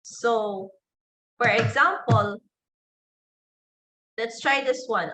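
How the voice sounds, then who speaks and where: A woman teacher with a Filipino English accent gives an online lecture, taking her time over each point. Her voice sits fairly high, and she repeats example phrases slowly so students can follow. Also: bright, forceful tone, soft background music, low-quality recording. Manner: slow, deliberate, repeats example phrases aloud.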